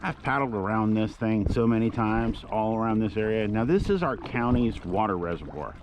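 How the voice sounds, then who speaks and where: A man's voice: fairly low pitch, animated, moderate pace, noisy background. A middle-aged man chatting easily from a kayak on a lake, giving tips to viewers on an action camera. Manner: easygoing, chatty, jokey. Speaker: kayak vlogger. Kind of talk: casual outdoor vlog commentary.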